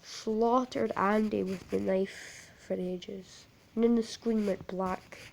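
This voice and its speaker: A woman telling an amateur creepypasta story in a halting, repetitive, unpolished way. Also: mid-range voice, steady tone, vocal fry, darkish tone.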